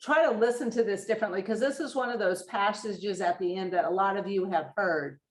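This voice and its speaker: A woman's voice: mid-range voice, fairly quick. Conversational woman co-preacher, echoey sound. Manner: conversational, explanatory, with restarts. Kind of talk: teaching sermon. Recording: roomy echo.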